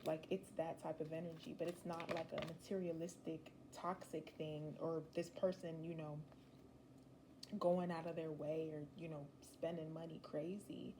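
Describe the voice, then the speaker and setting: A woman's voice: low-pitched, level tone, normal speed, background noise. A young woman giving a casual, rambling tarot reading, chatty and slangy with emphatic asides. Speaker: tarot reader.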